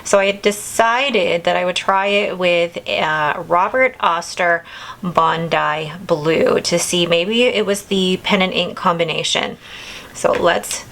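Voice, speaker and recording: Slow, creaky and fairly low-pitched yet fairly bright, a woman in her thirties hosts a casual video, happily chatting and drifting a bit as she shows her things. The recording is rough.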